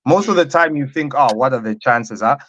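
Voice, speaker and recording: A man co-hosting a casual podcast, telling stories in a relaxed, chatty way with lots of fillers. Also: medium pitch, brisk, dry recording. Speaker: podcast co-host. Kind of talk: casual banter. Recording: dull dry lo-fi sound.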